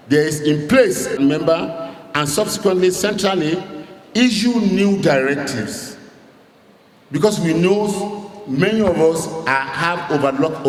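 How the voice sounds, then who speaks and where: Speaking at a rally in a large hall, a campaign director general delivers emphatic, stirring oratory with call-outs to the crowd. His pitch is fairly high, and the echoey recording has faint ambience and a little hiss or hum.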